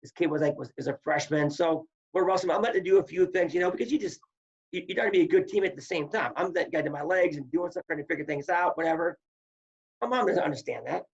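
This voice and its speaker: Gravelly-voiced man telling stories animatedly. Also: on the high side, fast talker. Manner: animated, acts out quoted voices, repeats words. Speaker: guest, former wrestler and coach. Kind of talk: casual storytelling. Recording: muffled lo-fi audio.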